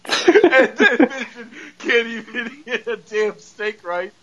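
A man's voice: high voice, slow pace, fairly bright tone. A man hosting a podcast, retelling a TV episode in a rambling, casual way and laughing often as he talks. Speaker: podcast host. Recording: dull lo-fi podcast audio.

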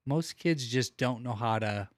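A man's voice: medium pitch, measured pace, dry recording. A man gives his views in a casual chat, pressing his points with emphasis. His voice sits in a middle range and is recorded dry, with little room sound. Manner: opinionated, emphatic.

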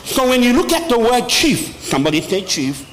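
A man preaching a sermon as an apostle, with sudden loud high bursts and slow emphatic phrases. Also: very animated. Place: large church hall. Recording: long hall reverb, faint noise.

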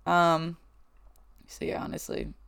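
A raspy-voiced woman in her twenties hosting a podcast, chatting casually and poking fun at herself. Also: fairly low pitch, huge pitch swings, slow, fairly bright tone. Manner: chatty, self-deprecating, laughs often. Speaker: podcast host. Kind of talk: casual chat.

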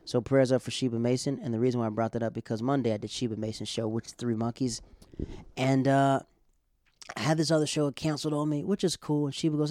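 A man's voice: medium pitch, level tone, fast, a little mellow, no room sound, clean studio sound. A stand-up comedian from Florida, telling stories in a casual, rambling way, repeating himself as he goes. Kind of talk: casual storytelling to camera.

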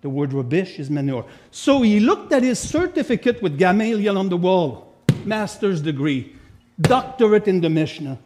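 High-voiced, playful male preacher. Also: normal speed, slight background noise. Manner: animated and playful, joking with the congregation; reads scripture aloud with emphatic asides. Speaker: guest preacher. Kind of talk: sermon. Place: church sanctuary.

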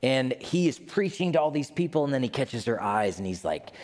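Animated male pastor in a reverberant hall. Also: medium pitch, brisk. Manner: animated storytelling, playful asides. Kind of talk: sermon.

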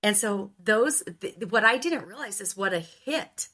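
Middle-aged woman from Ohio, sales coach guest, crisp and bright, acts out the people in her stories. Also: medium pitch, measured pace. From Ohio, US Midwest. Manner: animated storyteller who acts out quoted dialogue. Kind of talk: casual interview storytelling.

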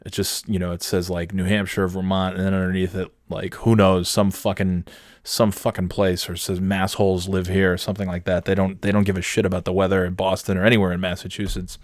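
A man's voice: low voice, flat delivery, fast, dry recording, clean studio sound. A man hosting a podcast, rambling through a profane, sarcastic comedic rant. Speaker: podcast host.

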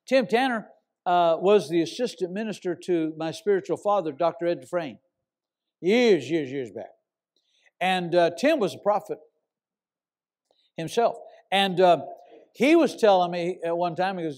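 A man's voice: high voice, huge pitch swings, a little slow, pauses often, darkish tone. A middle-aged man, a pastor, preaching a sermon and telling a story with emphatic, repeated words.

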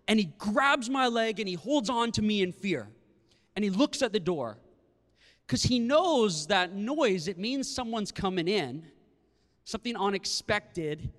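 Male pastor, 30s, lively storyteller, high voice, long hall reverb. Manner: animated storytelling, talking to the crowd. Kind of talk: sermon. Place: large hall with a live audience.

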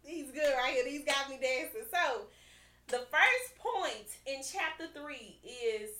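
A woman hosting a podcast in casual chat, reading scripture aloud and talking it over in an animated way, repeating her lines and checking in with her listeners often. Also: sits high, slow pace, roomy sound. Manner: animated and chatty, repeats lines and keeps asking "right?". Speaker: podcast host.

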